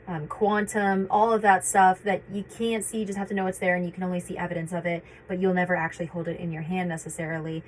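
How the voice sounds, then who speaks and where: A woman talking casually and reflectively to camera, often pausing on fillers and restarting her sentences. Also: on the low side, a little hiss or hum, rough recording. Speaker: vlogger sharing personal experience. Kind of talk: casual personal talk.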